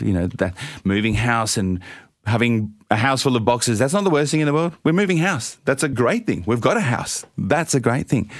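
Animated man hosting a chat. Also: on the low side, no room sound, clean studio sound. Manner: animated, self-mocking storytelling. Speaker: host. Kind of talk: casual parenting panel chat.

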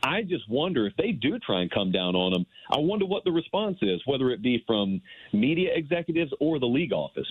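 A man calling in as a guest analyst on sports talk radio, thinking aloud in a measured way. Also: mid-range voice, very animated, breathy edge, no echo. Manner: thoughtful, measured, wondering aloud. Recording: tinny phone line, dry.

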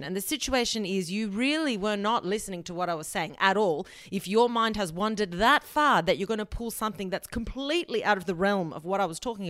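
A woman's voice: mid-range voice, fairly bright tone, no echo, clean studio sound. A young woman hosting a solo advice podcast, talking bluntly and emphatically and swearing casually. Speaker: podcast host.

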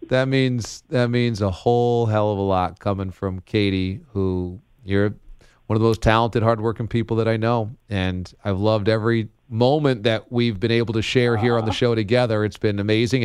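Male sports radio host, relaxed jokey banter, dry close sound. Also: on the low side, smooth, no room sound. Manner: laughing, joking, easygoing.

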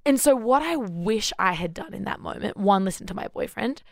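A woman's voice: medium pitch, normal speed, gravelly, no room sound, studio quality. A woman co-hosting a faith podcast, telling a personal story in casual chat with frequent laughs. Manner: animated storytelling, laughs often. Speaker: podcast co-host.

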